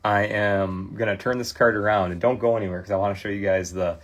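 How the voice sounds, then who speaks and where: A man's voice: lowish voice, steady tone, fast talker. A man in his thirties with a Midwestern American accent, hosting a casual livestream and chatting loosely with viewers while he works, full of fillers and restarts. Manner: rambling, friendly, many fillers and restarts. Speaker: host of a card cleaning livestream.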